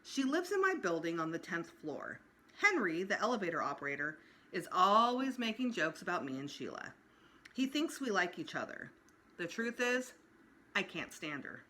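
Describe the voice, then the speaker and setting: A teacher reading a children's chapter book aloud, telling it expressively with shifts in pitch and loudness. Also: female voice, normal speed. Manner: expressive storyteller, varies pitch and loudness for effect.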